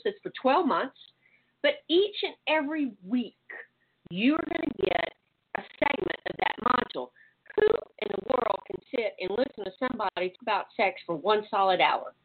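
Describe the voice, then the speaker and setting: Casting: higher-voiced Louisiana woman, chatty and loose, heard over a tinny phone line. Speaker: guest, sex educator. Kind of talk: casual chat.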